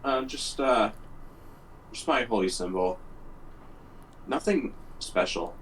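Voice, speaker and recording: A man's voice: medium pitch, lively intonation, slow, a bit bright, far from the mic, a little hiss or hum, rough recording. A man playing a cleric in a tabletop game, talking hesitantly with many fillers. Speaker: player. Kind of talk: casual chat about a tabletop game.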